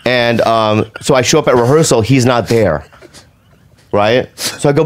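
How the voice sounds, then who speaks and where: A man's voice: medium pitch, normal speed. A man telling a long comic story in casual chat, acting out quotes and laughing often. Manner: animated, laughing, acts out quotes. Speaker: comedian guest.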